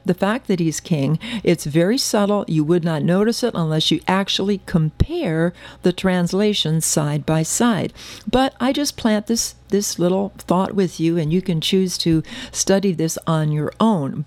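Woman preaching bible study, lowish voice, dry close sound, earnest with sly asides. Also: a little mellow, dry recording. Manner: earnest, emphatic, with wry asides. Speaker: Bible teacher. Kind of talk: sermon-style Bible teaching.

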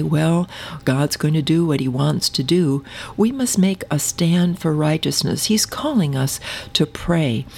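A woman's voice: low-pitched, vocal fry, a little mellow, husky. A woman preaching a sermon, reading scripture aloud in an earnest manner and calling her listeners beloved.

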